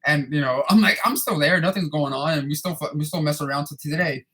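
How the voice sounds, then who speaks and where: A man's voice: on the high side, fast talker, few pauses, a bit bright. A man in his thirties casually answering viewer questions, rambling and profane, often repeating and restarting his words. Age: 30s. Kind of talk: casual chat.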